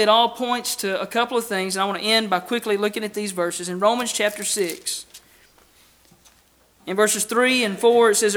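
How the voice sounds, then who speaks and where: A man delivers a sermon in a church, his voice high and bright. He preaches earnestly, pressing rhetorical questions and swinging from forceful emphasis to hushed lines. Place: church building with a baptistry.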